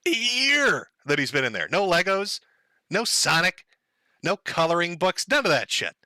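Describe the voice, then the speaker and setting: A man's voice: sits high, big pitch swings, normal speed, bright, forceful tone, no room sound. A man hosting a livestream, talking in a crude, sarcastic and mocking way. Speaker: livestream host. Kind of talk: casual livestream commentary.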